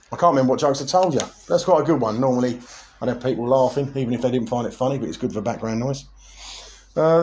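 Mellow-voiced podcast host. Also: male voice, mid-range voice. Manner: rambling, many ums and uhs. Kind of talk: casual podcast chat.

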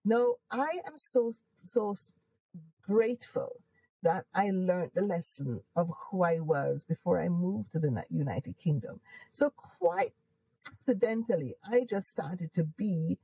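A woman's voice: fairly low pitch, animated, a little slow, mellow, breathy edge, no room sound, lo-fi sound. A woman with a Jamaican accent, a guest in an interview, who talks emphatically and upbeat and laughs often. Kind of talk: casual conversational interview.

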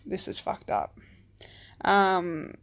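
Here a woman's low voice takes on a sing-song lilt, drawing out her words as she casually recounts something from her own life. She's a single parent in her thirties or forties who rambles, leans on "like" and "um," and curses freely.

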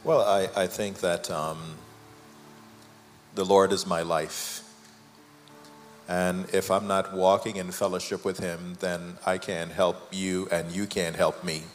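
A man with a Jamaican accent, a guest pastor preaching with fervor that climbs from low and measured to loud and soaring. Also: flat delivery, faint music behind. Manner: fervent, builds from low and slow to loud and high.

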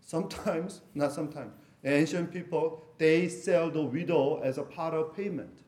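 A man's voice: a little high, a little slow, a little mellow. Middle-aged man preaching in an echoey room. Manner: conversational, jokey asides with laughter. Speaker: pastor. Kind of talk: sermon.

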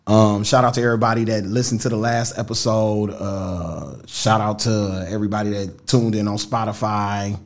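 Dude hosting a podcast, lots of slang, gets worked up and loud, talks over his cohost. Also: fairly low pitch, fairly even intonation, moderate pace, few pauses. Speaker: podcast host. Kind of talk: casual podcast chat. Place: home studio.

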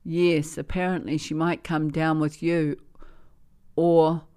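Woman doing a polite mum, quietly worried, slightly strained, a touch raised pitch. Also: little pitch movement, takes it slowly, clean tone.

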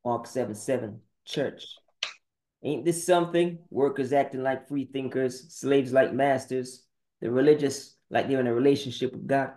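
In his scripture-citing sermon monologue, a man who preaches on a podcast shoots out brief Bible verse citations confrontationally. He speaks at a moderate pace in a dark, mid-range voice with fairly even intonation.

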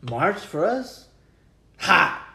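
A man's voice: high-pitched, sing-song, very slow, vocal fry, crowd noise. A man in his late twenties co-hosting a podcast, drunk, teasing his friends and telling a story with plenty of swearing. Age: late 20s. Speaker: podcast co-host. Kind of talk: casual chat. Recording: roomy echo.

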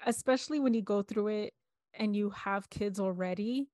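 A woman's voice: medium pitch, moderate pace, a little mellow, dry recording. A young woman co-hosting a candid talk, earnestly retelling events with quoted dialogue. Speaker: podcast co-host. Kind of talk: candid personal conversation.

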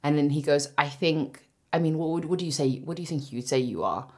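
A young woman co-hosting a podcast, telling an animated story in casual chat and swearing freely. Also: low-pitched, a little fast. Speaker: podcast co-host.

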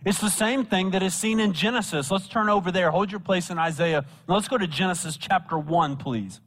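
A man's voice: high-pitched, fairly quick, a bit bright. Man preaching in an echoing church. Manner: preaching with emphatic repetition and scripture reading. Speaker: pastor. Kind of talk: sermon. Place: church sanctuary. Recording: church hall with long reverb.

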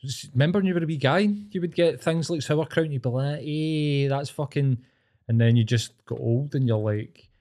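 Mellow-voiced Scottish man, eager and sweary. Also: mid-range voice, a little fast. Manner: enthusiastic, sweary banter. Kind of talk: casual chat.

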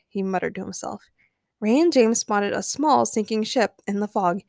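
A woman's voice: mid-range voice, lively intonation, normal speed, vocal fry, darkish tone, no echo, clean studio sound. A woman podcast host reading her own fan fiction aloud as narrator. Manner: plain storybook narration.

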